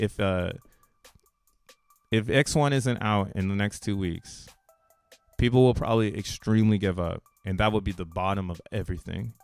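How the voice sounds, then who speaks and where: A man's voice: fairly low pitch, a little mellow, no echo. A man hosting a crypto channel who talks casually over a chart, slangy and rambling and laughing between points. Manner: rambling, restarts thoughts mid-sentence.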